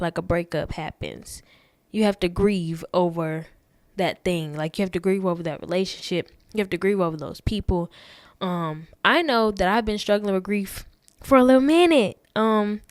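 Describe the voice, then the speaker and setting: A woman's voice: mid-range voice, clean tone, no room sound, studio quality. A young woman hosting a podcast, talking to listeners in a chatty, earnest way. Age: young adult. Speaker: podcast host. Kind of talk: casual talk.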